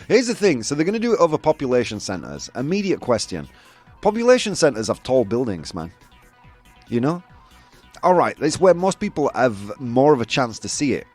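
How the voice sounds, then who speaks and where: A man's voice: medium pitch, wildly swooping pitch, normal speed, long pauses, darkish tone, faint music behind. A man with a Yorkshire accent hosting a casual show, chatting loosely with lots of fillers and laughs. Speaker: host. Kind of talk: casual live show chat.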